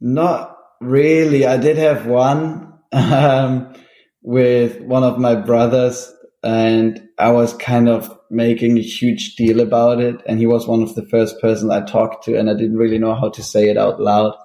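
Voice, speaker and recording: A man's voice: medium pitch, measured pace, roomy sound. A man, a guest on an interview show, who chats casually and laughs often. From Germany. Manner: laughs often, relaxed with many fillers. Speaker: guest musician.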